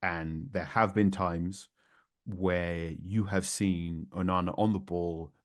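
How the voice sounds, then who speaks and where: A man, a football journalist guest talking through tactics on a podcast, animated and prone to repeating words for emphasis. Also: low-pitched, takes it slowly, dry recording, studio quality. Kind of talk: conversational podcast analysis.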